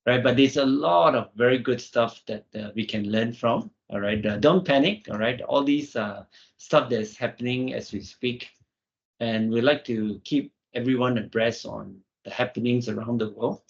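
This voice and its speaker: Gravelly male host, filler-heavy, dull stream audio. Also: medium pitch, moderate pace. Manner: filler-heavy, says "right" and "all right". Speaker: online session host. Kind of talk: wrapping up a live session.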